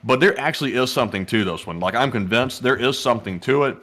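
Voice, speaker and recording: A man's voice: mid-range voice, quick pace, a bit bright. A man hosting a casual livestream news show, chatting in a folksy way and reading viewer donations aloud. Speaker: host.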